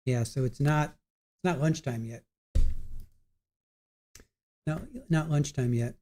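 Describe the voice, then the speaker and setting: A man's voice: mid-range voice, takes it slowly, warm tone, a little hiss or hum. A man hosting a live stream, chatting casually with viewers in the chat while he waits for a court hearing to resume. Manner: chatty, talks to viewers in chat, trails off and restarts. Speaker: livestream host. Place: home setup at a computer.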